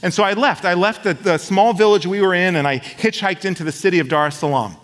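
A man preaching a sermon and telling a personal story, swinging from loud outbursts to hushed tones. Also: high voice, fast. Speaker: pastor. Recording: long hall reverb.

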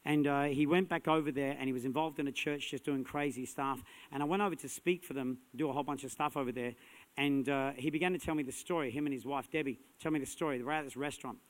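A man preaching a sermon as a pastor, energetic and punchy, building to loud emphatic peaks. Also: medium pitch, quick pace. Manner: energetic, punchy, rising to shouts.

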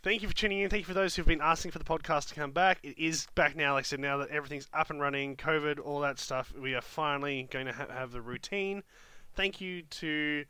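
Male host, chatty and upbeat, bright forceful voice. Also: on the high side, a little fast, clear, resonant tone. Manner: upbeat, laughs easily. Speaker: podcast host. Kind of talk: casual podcast chat.

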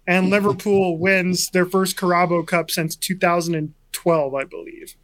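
A man co-hosting a sports talk show, telling a story in a chatty, animated way. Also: high-pitched, normal speed. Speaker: sports radio co-host.

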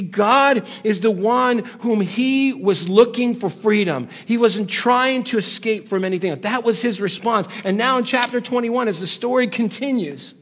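Impassioned husky-voiced male preacher. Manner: impassioned, swings between hushed low lines and loud raised ones. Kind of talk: sermon.

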